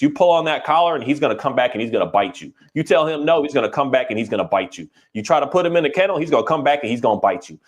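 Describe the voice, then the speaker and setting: A dog trainer talking in a casual podcast conversation, animated and acting out quoted voices as he tells stories. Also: mid-range voice.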